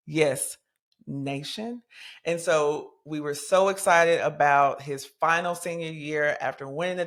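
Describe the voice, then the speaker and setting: A woman of about forty hosting a podcast, talking in a chatty, animated way with plenty of casual slang, as if catching up with friends. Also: low-pitched. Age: 40s. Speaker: podcast host.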